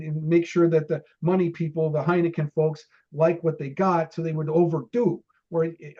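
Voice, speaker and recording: A man's voice: a little high, darkish tone, muffled recording. Rambling man telling old film-set stories. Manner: rambling, many restarts, laughs while telling. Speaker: interview guest, former film extra. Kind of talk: casual storytelling interview.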